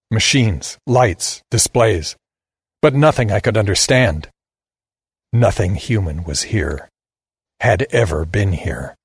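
Male audiobook narrator, husky and low, measured, grave first-person read, dry close mic. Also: no room sound. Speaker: story narrator.

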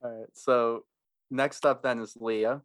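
A man co-hosting a podcast in casual chat, laid-back and quick to laugh. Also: medium pitch, steady tone, dry recording. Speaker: podcast co-host.

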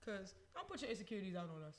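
A man's voice: high voice, big pitch swings, very fast, fairly bright tone. A man co-hosting a podcast, ranting emphatically and swearing freely. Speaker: podcast co-host. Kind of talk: casual chat.

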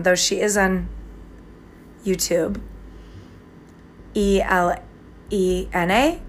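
A woman's voice: medium pitch, fairly bright tone, slight background noise. A woman podcasting alone at home at night, ranting in an agitated, rambling way, often breaking off and laughing at herself. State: angry. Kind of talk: spontaneous ranting monologue.

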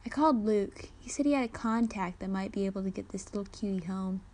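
A woman voicing a lively, playful young woman hero with a bright, eager manner. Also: medium pitch, fast, natural voice.

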